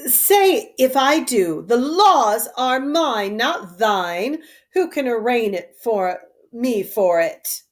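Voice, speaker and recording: A woman reading the part of a haughty, ruthless queen, scornful and imperious in a slow verse reading. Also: a little high, lively intonation.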